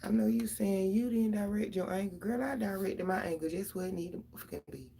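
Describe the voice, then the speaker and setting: A woman's voice: mid-range voice, brisk, mellow, slight background noise. A middle-aged mother, venting casually and profanely straight to her viewers about her kids.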